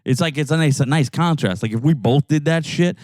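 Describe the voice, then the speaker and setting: A man from New York co-hosting a casual podcast, animated and swearing constantly while joking in a car. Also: on the high side, brisk, no echo, studio quality. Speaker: podcast co-host. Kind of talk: casual profane banter in a car. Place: in a jeep.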